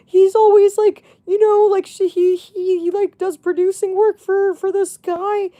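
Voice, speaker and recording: A woman imitating her hysterical young female friend, who accuses her partner in a shrill voice. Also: flat delivery, measured pace, dark tone. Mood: gossipy.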